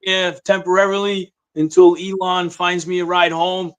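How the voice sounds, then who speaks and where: A man with a Massachusetts accent chats casually as a rapper guest, joking and laid-back. His voice sits a little high for a man, and he rambles a bit, dropping asides and deadpan gags. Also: moderate pace, smooth. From Massachusetts, USA. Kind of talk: casual interview chat.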